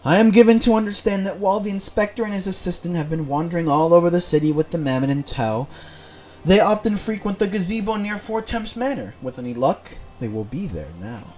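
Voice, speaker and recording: A man's voice: high voice, lively intonation, brisk, darkish tone. A man voicing a stern male church inquisitor, reading game dialogue in stiff, archaic formal speech. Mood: grave.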